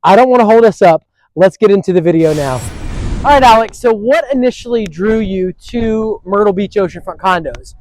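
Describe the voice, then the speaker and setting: A man's voice: sits high, normal speed, darkish tone, slight background noise, rough recording. A man hosting an interview, talking about property in an upbeat, salesy way that repeats phrases. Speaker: host and real estate agent.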